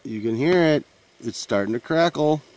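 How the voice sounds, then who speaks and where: A man's voice: fairly high pitch, animated, moderate pace, a little mellow. A man rambling casually at a winter forest camp, meandering with lots of uhs and restarts. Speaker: vlogger.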